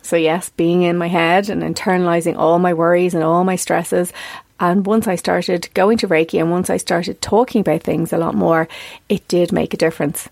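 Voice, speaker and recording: A candid woman in her forties reflects aloud as a podcast host, her voice gravelly with fry at the ends of her phrases. She is earnest and openly emotional, recorded close and dry with no room sound. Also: lowish voice, steady tone, moderate pace, darkish tone, no room sound. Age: 40s. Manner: earnest, confessional, easily emotional.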